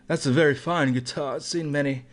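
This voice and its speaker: A man's voice: a little high, fairly even intonation, brisk, natural voice. A man doing an impression of a smarmy, condescending middle-aged male guitar salesman who talks like a posh connoisseur.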